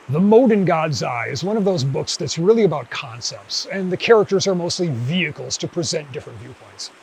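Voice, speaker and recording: A man, the host of a video essay channel, narrating a scripted commentary in a measured, dryly wry way. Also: on the high side, slight background noise, rough recording.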